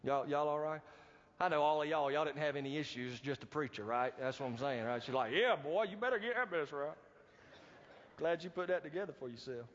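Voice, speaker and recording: A man preaching a sermon as pastor, animated and calling out to the congregation for responses. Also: mid-range voice, fast. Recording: dull, reverberant hall recording.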